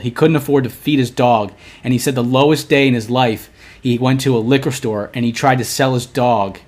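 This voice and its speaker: A young man co-hosting a podcast, telling a long story in casual chat, animated, restarting often and acting out the lines he quotes. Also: medium pitch. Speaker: podcast co-host.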